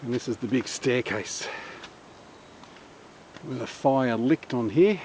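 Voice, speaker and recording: A man's voice: medium pitch, takes it slowly, a little mellow. A man narrating his bushwalk for a casual outdoor vlog, chatting as he goes, recorded on a handheld action camera outdoors. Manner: chatty, self-narrating on the move. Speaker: bushwalking vlogger. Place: outdoors in bush gorge by a waterfall. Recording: muffled camera audio with outdoor noise.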